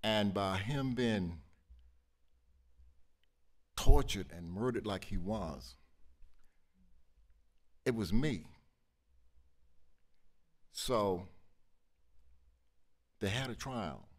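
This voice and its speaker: A man's voice: lowish voice, lively intonation, extremely slow, pauses often. An older man recounting his memories earnestly on a stage panel, speaking with emphatic conviction. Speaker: panelist, former civil rights activist. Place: auditorium event on stage.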